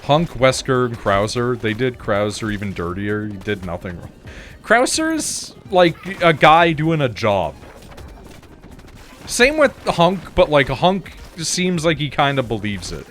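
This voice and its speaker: A man's voice: medium pitch, sing-song, a little slow, fairly bright tone, faint music behind. A man streaming a game, chatting casually in a rambling way, with frequent restarts, laughs and casual swearing. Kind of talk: casual chat while gaming.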